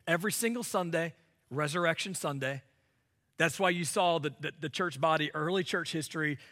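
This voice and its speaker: Male pastor, high bright voice, lively conversational sermon delivery. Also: a little fast. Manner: animated, conversational preaching with rhetorical questions.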